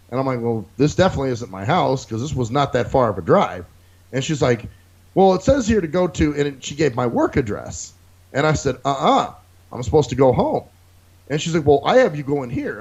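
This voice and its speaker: A male podcast co-host tells a profane story on a casual show, acting out other people's lines. His mid-range voice is a little mellow and husky, captured in a dull lo-fi recording.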